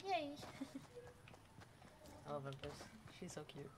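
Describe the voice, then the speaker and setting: A woman playing a game with a friend, animated, swearing freely and laughing often. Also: low-pitched, extremely slow, heavy background noise. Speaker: gaming co-player. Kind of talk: casual gaming chat.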